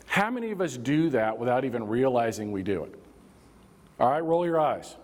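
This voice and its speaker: A man's voice: medium pitch, very animated, moderate pace, a little mellow. A man leading a workplace safety training session, talking conversationally and drawing the audience in with prompts and acted-out examples. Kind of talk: live training workshop talk. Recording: reverberant hall sound.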